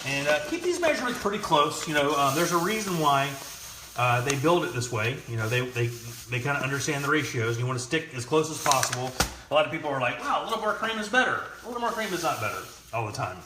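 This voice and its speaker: A man's voice: medium pitch, big pitch swings, fast talker, echoey room, noisy background. A man hosting a cooking demonstration, chatting loosely and joking as he explains each step. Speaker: cooking show host. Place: kitchen studio.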